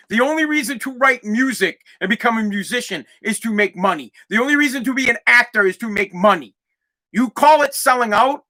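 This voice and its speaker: High, bright-voiced man ranting loudly. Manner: loud, profane, animated rant. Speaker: podcast host. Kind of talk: ranting monologue.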